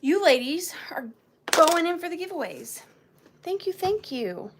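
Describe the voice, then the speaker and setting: A woman's voice: very high voice, very animated, measured pace, background noise. A woman hosting a live vintage sale, chatting playfully with viewers by name and counting down bids. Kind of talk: live auction selling chat.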